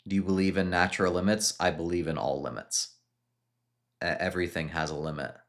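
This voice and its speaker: Very low-voiced man answering live chat. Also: steady tone, brisk. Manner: reads chat questions aloud, answers with hesitant restarts. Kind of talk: casual live-stream chat.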